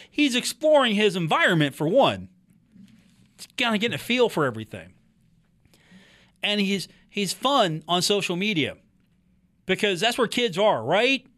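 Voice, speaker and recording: A man's voice: sits high, fairly bright tone. A man hosting a sports podcast from a talk booth, chatting casually and animatedly about a college football coach and teasing his co-host.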